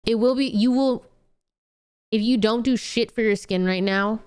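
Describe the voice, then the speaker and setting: A woman's voice: on the high side, moderate pace, darkish tone, clear, resonant tone. A young woman streamer in casual chat with viewers, blunt and playful, swearing often while scolding.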